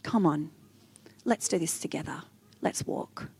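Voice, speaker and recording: A woman voicing Jesus as a gentle, reassuring man in a soft, hushed tone within her sermon. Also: sits high, expressive, normal speed. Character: gentle, tender male Jesus, encouraging.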